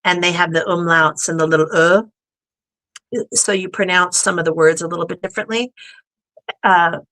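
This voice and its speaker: A woman's voice: lowish voice, steady tone, moderate pace, fairly bright tone. A woman guest in casual conversation, chatty and acting out the people she quotes. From United States. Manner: chatty storyteller who acts out quoted people. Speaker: podcast guest.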